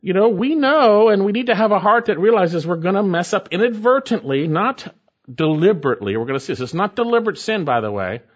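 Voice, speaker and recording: A male pastor preaching a verse-by-verse sermon, hammering each point by saying it again in other words. His voice sits high and swings widely in pitch. The recording sounds dull and lo-fi. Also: expressive, a little fast. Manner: emphatic, repeats key phrases. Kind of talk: expository sermon.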